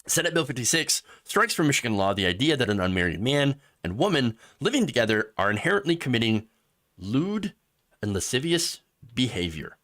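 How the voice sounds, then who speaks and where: A man hosting a live political commentary show, sarcastic and animated, laughing at his own jokes. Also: mid-range voice, brisk. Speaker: host.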